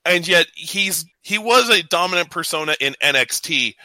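A man's voice: on the high side, expressive, normal speed, hardly any pauses, pushed and bright, dry recording, rough recording. A man co-hosting a casual podcast, talking in long rambling runs with many restarts. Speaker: podcast co-host. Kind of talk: casual wrestling podcast chat.

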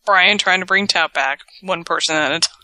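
Bright-voiced woman tossing quick quips. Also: fairly low pitch. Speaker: podcast co-host. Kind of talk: casual chat.

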